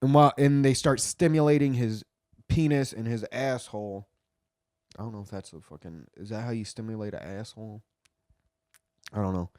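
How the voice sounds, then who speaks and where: A man's voice: fairly low pitch, moderate pace, long pauses, a little mellow, dry recording, clean studio sound. A man retelling a story in casual commentary, swearing a lot and rambling with frequent restarts.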